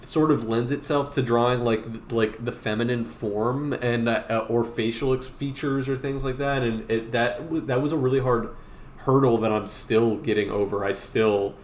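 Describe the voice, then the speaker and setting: A man's voice: medium pitch, steady tone, normal speed, reverberant, a little hiss or hum. A man chatting casually on a stream while he draws, rambling with lots of fillers and restarts. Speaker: streamer artist. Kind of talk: casual chat while drawing.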